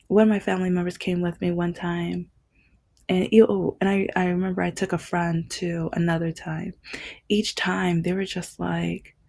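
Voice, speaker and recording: Woman, vlogger, low voice, husky, casual rambling monologue. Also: darkish tone. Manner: rambling, frequent fillers and restarts.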